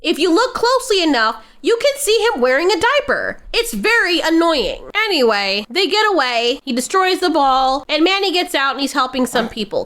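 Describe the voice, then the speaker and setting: Young woman, high-pitched, blunt, sarcastic, profane, casual reaction-video rant. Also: pushed and bright. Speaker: reaction vlogger.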